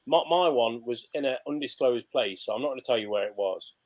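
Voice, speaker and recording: A man who runs a vintage toy shop, telling stories in a casual chat in an animated way. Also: mid-range voice, dry recording. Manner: fast, animated storytelling.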